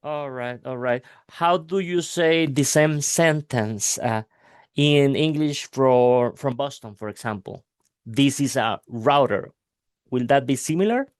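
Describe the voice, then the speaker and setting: A man of middle pitch, teaching English in an unhurried, hesitant way full of fillers. He speaks slowly and deliberately, working through examples. The recording is dry and close. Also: clean tone, no echo. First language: Spanish. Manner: hesitant, many fillers, slow deliberate phrasing. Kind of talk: casual language lesson.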